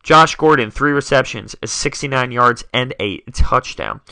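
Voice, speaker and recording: Young man with a bright, dry voice. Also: medium pitch, animated, measured pace, creaky, dry recording. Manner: dramatic, self-mocking, rattling off scores. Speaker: podcast host. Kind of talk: solo sports talk podcast.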